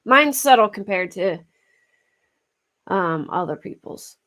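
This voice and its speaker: Her medium-pitched, slightly bright voice has lively intonation and a slow pace. The Philadelphia-accented true crime streamer chats casually with live viewers, laughs frequently and worries about her pronunciation.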